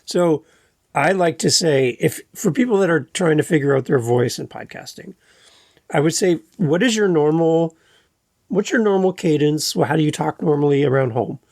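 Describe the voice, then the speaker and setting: A man hosting a podcast, talking in a relaxed, unhurried, conversational way. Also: on the high side, gravelly, no room sound, studio quality. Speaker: podcast host. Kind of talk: casual chat. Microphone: podcast microphone.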